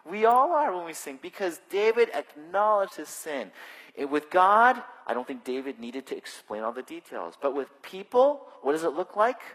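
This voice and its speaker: A male pastor preaching a sermon in a conversational, animated way with touches of self-deprecating humor, speaking into a stage microphone in a church. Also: on the high side, normal speed. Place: church sanctuary. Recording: long hall reverb.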